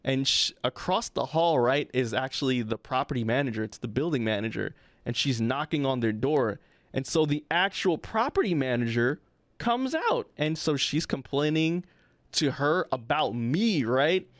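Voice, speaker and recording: A man's voice: medium pitch, lively intonation, normal speed, no room sound. Male podcast co-host with a mid-range voice, telling a casual anecdote and acting out its people. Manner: acts out the people in his stories.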